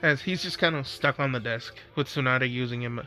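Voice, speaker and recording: A man's voice: mid-range voice, fairly quick, sharp tone. A young man casually narrating an improvised fan story, rambling with restarts, over faint music.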